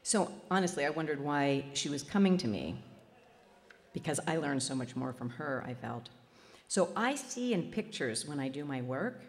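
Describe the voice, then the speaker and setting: A woman's voice: sits low, long reverb tail. A woman speaking at a festival, telling a personal story and laughing at herself as she goes. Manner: warm self-deprecating storyteller who laughs at herself. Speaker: spiritual healer speaking at a festival.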